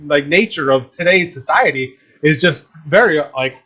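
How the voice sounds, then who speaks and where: A man's voice: a little high, expressive, moderate pace, sharp tone. A man hosting a casual discussion, rambling and searching for words with many restarts. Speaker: podcast host. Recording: dull lo-fi sound.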